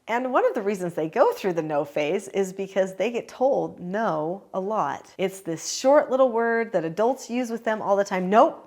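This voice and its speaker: A woman's voice: mid-range voice, lively intonation, normal speed, few pauses, a little mellow. An older woman who is a parenting educator, giving firm, instructive advice straight to the camera. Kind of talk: direct-to-camera advice talk.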